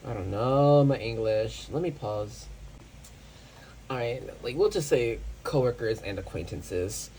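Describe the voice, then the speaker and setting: Mellow-voiced tarot reader thinking aloud. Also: medium pitch, animated, unhurried, a little hiss or hum, rough recording. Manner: searches for words, with many fillers and restarts. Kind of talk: casual pick-a-card tarot reading.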